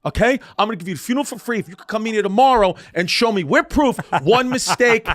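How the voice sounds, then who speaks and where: A man's voice: a little high, huge pitch swings, moderate pace, no echo, exaggerated voice. A man putting on a pushy, swearing middle-aged male funeral director. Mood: blustering. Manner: loud, swearing, blustering.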